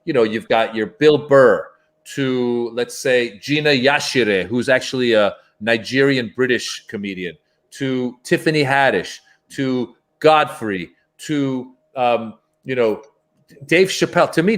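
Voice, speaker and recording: A man, a stand-up comedian, telling anecdotes in a casual interview and acting out voices as he goes. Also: medium pitch. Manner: animated, acts out voices in his anecdotes.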